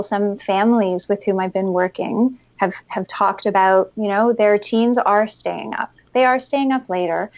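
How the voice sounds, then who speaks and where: Calm woman guest on a dull line. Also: medium pitch. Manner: calm and instructive, guides a breathing exercise. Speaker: guest expert on parenting. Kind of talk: explanatory interview talk.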